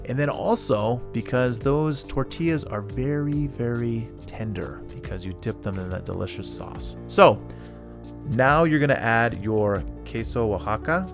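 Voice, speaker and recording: A man's voice: mid-range voice, lively intonation, measured pace, music in the background. A man hosting a casual cooking video, chatting enthusiastically as he cooks and tastes the food. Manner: chatty and enthusiastic, talks while cooking and tasting. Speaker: cooking channel host.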